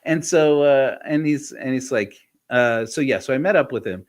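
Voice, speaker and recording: A middle-aged man hosting a podcast, telling a story in a loose, rambling way, acting out the dialogue and chuckling often. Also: normal speed. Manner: animated, reenacts dialogue with jumps in pitch. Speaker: podcast host. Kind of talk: casual storytelling chat.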